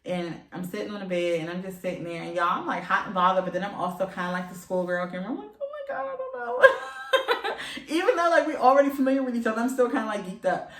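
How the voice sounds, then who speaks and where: A woman's voice: lowish voice, roomy sound, recorded from a distance. A young woman in her twenties telling a frank personal story to her viewers, emphatic and profane. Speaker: vlogger. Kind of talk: candid storytelling. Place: room at home, seated.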